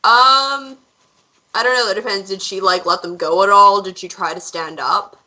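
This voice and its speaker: A woman at a tabletop game, speaking in a bright, clear-edged voice of medium pitch. She probes with question after question in character. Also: moderate pace, rough recording. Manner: inquisitive, pressing questions. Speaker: player. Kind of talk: tabletop role-play.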